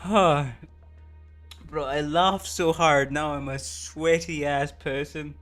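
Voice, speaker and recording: Slow-talking giggly male streamer. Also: fairly high pitch, fairly even intonation, fairly bright tone, soft background music. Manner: giggly, slangy, talks to chat. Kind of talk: casual game reaction stream.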